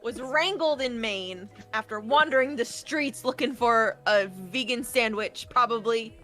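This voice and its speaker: A woman co-hosts a morning show and answers with quick, teasing comebacks. Her voice is high and bright, with soft music faintly behind her. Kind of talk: casual banter.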